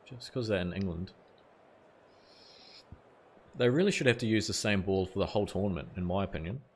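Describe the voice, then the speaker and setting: A man's voice: deep voice, brisk, husky. A man streaming a cricket video game live, chatting casually with viewers and swearing now and then. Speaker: gaming streamer.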